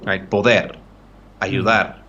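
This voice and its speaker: A man's voice: fairly low pitch, flat delivery, slow pace, bright, forceful tone, muffled recording, a little hiss or hum. A man tutoring pronunciation in a casual live-streamed lesson, explaining loosely and checking in with frequent "right?". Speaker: language tutor.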